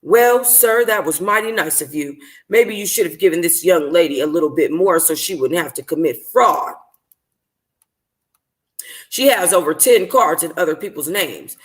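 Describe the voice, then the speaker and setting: Brief: a woman doing a stern, sarcastic lady cop, voice on the low side. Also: animated, normal speed, lightly acted. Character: suspicious female police officer, sarcastic.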